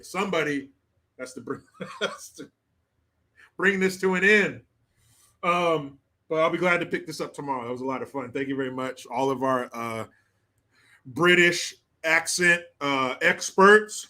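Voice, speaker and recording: Brash, bright-voiced male livestream host. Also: a little high, unhurried, long pauses. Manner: brash, profane, joking banter. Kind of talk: casual livestream commentary.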